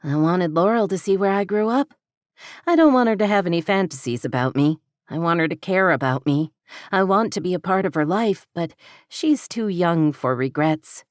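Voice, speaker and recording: Candid young woman read by a woman narrator, earnest and teasing, low-pitched, dry close voice. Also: lively intonation, normal speed, no echo, natural voice. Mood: confiding.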